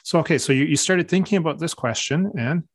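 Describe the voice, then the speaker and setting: Relaxed man hosting an interview. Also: a little high, quick pace, husky, no room sound. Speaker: host, religion teacher. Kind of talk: conversational interview.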